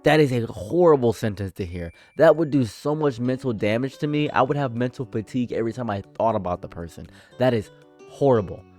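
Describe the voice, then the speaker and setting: A man reacting to a forum story he reads aloud, ranting and animated, jumping from loud outbursts to low murmurs. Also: brisk, soft background music. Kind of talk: casual commentary.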